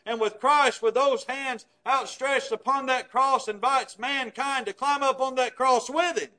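A man preaching a sermon, stressing words loudly and then dropping to hushed, low phrases. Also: steady tone, measured pace.

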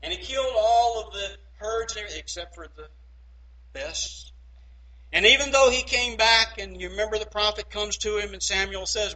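A man preaching a sermon emphatically, swinging between loud and hushed and checking in with "okay?". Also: sits high, normal speed, poor audio.

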